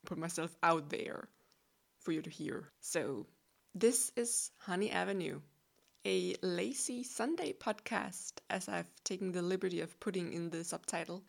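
A young Danish woman in her twenties talks through a laid-back solo podcast, her low voice carrying a gravelly edge. She is chatty and playful and pokes fun at herself, and her English has a clear Danish accent. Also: unhurried. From Denmark. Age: 20s. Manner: chatty, self-deprecating and playful. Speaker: podcast host. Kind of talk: relaxed solo podcast monologue.

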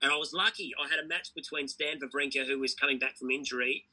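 Aussie commentator guy on an interview, keen and rambling, really bright sharp tone with a husky edge. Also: mid-range voice, low-quality recording. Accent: Australian. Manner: enthusiastic, fast storytelling with repeated restarts. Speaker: tennis commentator guest. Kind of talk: casual interview chat.

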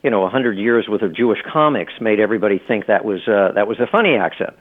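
Over a tinny phone connection, a middle-aged man who writes books and teaches law talks casually as an interview guest. His fairly low voice is expressive and quick, and he rambles with frequent restarts and fillers.

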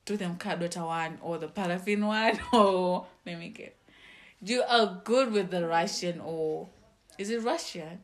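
A woman's voice: fairly low pitch, a little slow. A woman hosting a casual chat podcast, teasing and hyping up her co-host.

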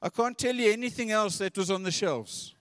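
A man's voice: high voice, brisk, a bit bright, clean tone, no echo, studio quality, long reverb tail. A man preaching a sermon in an earnest, conversational way, often repeating his words.

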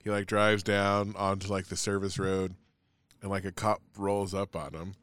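A man's voice: low-pitched, level tone, normal speed, a bit bright, clean tone, no echo. A man in casual chat, telling a long story in a rambling way, full of "like" and swearing.

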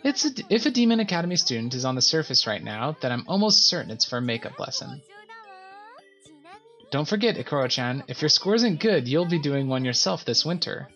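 A woman's voice: deep voice, sing-song, a little fast, fairly bright tone, muffled recording, soft background music, full character voice. A woman voicing a cheerful female goddess teacher in a visual novel game, with a chirpy, breezy manner.

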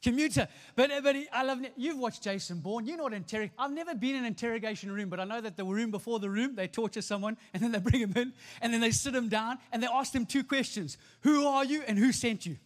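Delivering a sermon from the church stage, this pastor speaks fast in a very high voice with hardly any pauses. He drives his points home emphatically, repeating lines and prompting the congregation to answer, as the hall echoes long.

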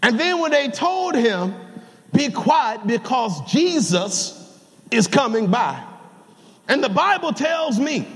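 Older pastor guy preaching, really high voice, folksy stories, yells at the big moments, long church echo. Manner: folksy, storytelling, shouts at peaks. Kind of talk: preaching a sermon. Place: large church sanctuary. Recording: live church sound with long hall reverb.

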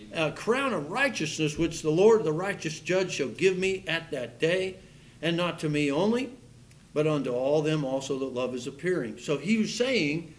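A man preaching a sermon, reading scripture aloud and stressing key words loudly, with frequent fillers and restarts. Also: on the high side, expressive, normal speed. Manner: fervent, rising to loud emphasis with frequent fillers and restarts; reads scripture aloud in King James wording.

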